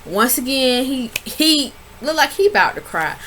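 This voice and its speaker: A woman recapping a reality show in a casual vlog, telling it with sass and leaping up in pitch whenever she quotes people. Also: moderate pace, hardly any pauses, a little hiss or hum. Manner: animated, sassy storytelling with big pitch jumps when quoting people. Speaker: reality TV reviewer.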